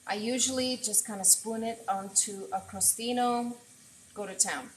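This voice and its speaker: A woman chef hosts a casual cooking livestream from her home kitchen, talking directly to her viewers as she cooks and using an earbud mic. Her voice is medium-pitched and her speed is normal. The room sounds echoey, and there is slight background noise.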